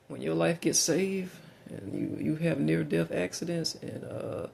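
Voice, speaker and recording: A man's voice: fairly high pitch, steady tone, measured pace, creaky, a little mellow, breathy edge. A middle-aged man with a Southern US accent, talking through a frank, meandering personal monologue with lots of fillers and restarts.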